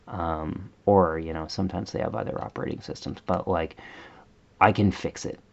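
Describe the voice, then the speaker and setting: A man's voice: sits low, steady tone, normal speed, creaky, highs cut off. A man vlogger telling a rambling, exasperated story in a casual rant, full of fillers.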